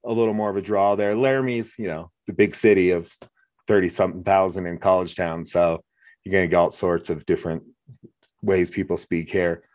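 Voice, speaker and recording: A man's voice: sits low, fairly quick, dry recording. A man with a US West Coast accent, hosting a casual chat and telling stories in an easygoing way. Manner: chatty, animated when quoting people. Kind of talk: casual conversation.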